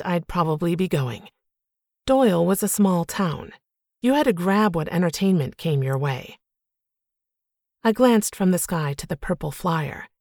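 Brief: woman narrator, low voice with a gravelly edge, dry booth sound. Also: darkish tone, dry recording. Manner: measured, reflective storytelling. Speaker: audiobook narrator. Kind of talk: first-person audiobook narration.

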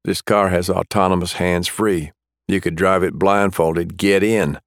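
A man's voice: low-pitched, steady tone, measured pace, no room sound. A man voicing a tough police officer who gives curt, dry commands. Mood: stern. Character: tough male police officer, calm and blunt.

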